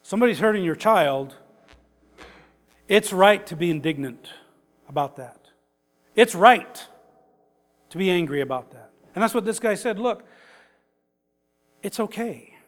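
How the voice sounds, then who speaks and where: High-voiced older pastor preaching in a hall. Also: male voice, animated, measured pace, long pauses. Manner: folksy, chuckling, rising to emphatic preaching. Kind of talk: conversational sermon. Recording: reverberant hall.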